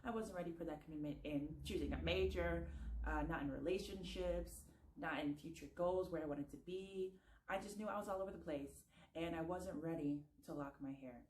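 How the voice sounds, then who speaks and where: Young woman with a low voice, candid chatty vlog, echoey room with faint hiss. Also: normal speed, a little mellow. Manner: candid, reflective storytelling. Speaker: vlogger. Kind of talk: casual personal vlog. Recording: roomy echo.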